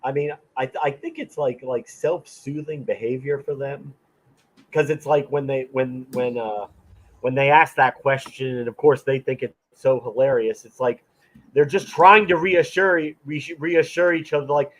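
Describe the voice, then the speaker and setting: A man's voice: medium pitch, steady tone, moderate pace, rough recording. A man co-hosting a podcast, mocking his opponents and mimicking them in casual ranting chat. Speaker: podcast co-host.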